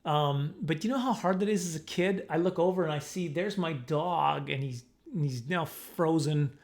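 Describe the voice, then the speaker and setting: Comedic male storyteller, casual and self-deprecating, slightly high voice, slips into quoted voices. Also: normal speed. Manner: rambling, self-mocking, acts out quoted voices. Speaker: comedian telling a personal story.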